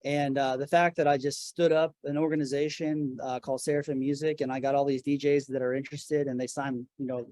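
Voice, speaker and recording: A man's voice: medium pitch, little pitch movement, a little fast, hardly any pauses, a little mellow, dry recording. A middle-aged man talking casually about his record label and faith in an interview from his office, earnest and full of restarts. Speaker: guest, record label founder.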